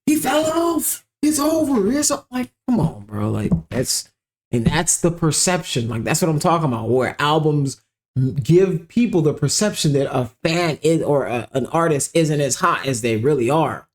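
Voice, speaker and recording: A man hosting a casual music reaction commentary, rambling with lots of fillers and sudden animated outbursts. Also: a little high, normal speed. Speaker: commentary show host.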